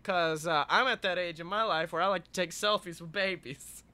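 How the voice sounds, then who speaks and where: High, bright-voiced young man telling stories. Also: moderate pace. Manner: animated storyteller, swearing, acting out quotes. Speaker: podcast co-host. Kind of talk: casual chat.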